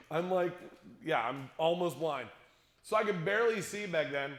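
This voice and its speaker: A man's voice: a little high, normal speed. A middle-aged man telling a funny story to a youth conference audience, acting out what people said and joking with the crowd. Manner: animated, acts out quotes, jokes with the crowd. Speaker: youth speaker. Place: large conference hall. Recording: echoey hall.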